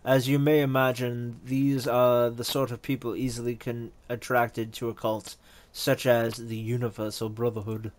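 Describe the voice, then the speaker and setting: Male GM as a sly elf lecturer, measured and wry. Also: medium pitch, little pitch movement, lightly acted.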